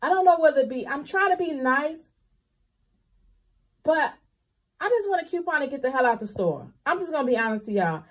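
A woman's voice: high voice, lively intonation, fairly quick, long pauses. A young woman, chatting candidly to her viewers about her couponing trip and calling them y'all. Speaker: couponing vlogger. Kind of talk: casual chat to viewers.

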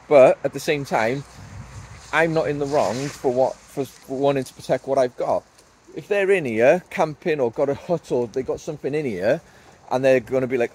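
A man's voice: mid-range voice, darkish tone, slight background noise, rough recording. A man, a woodland owner venting in a vlog, worked up and repeating himself as he talks outdoors. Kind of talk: vlog rant. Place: outdoors in woodland, later driving.

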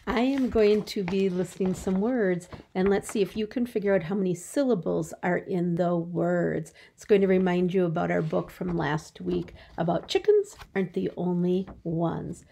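A teacher giving a phonics lesson to young children, stretching out words slowly so they can count the syllables. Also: female voice, fairly low pitch, fairly even intonation, gravelly, warm tone, a little hiss or hum.

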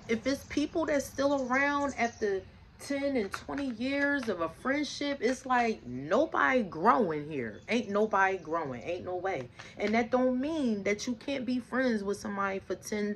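A woman's voice: a little high, a little hiss or hum. A woman giving a casual tarot reading to her viewers, talking emphatically, swearing freely, repeating herself and asking rhetorical questions. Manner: preaching, asks rhetorical questions. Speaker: tarot reader.

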